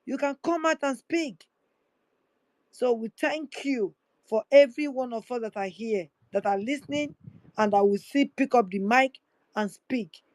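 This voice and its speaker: A woman's voice: fairly high pitch, measured pace, darkish tone, no room sound, rough recording. A woman hosting a livestream, urging listeners in a fervent, repetitive way. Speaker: livestream host. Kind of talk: impassioned activist address.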